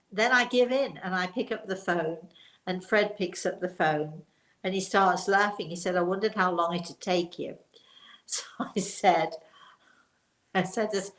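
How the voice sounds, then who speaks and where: A woman's voice: medium pitch, a bit bright. An older woman, a spiritual teacher, telling a rambling personal anecdote with quoted dialogue. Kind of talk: storytelling talk. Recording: roomy echo.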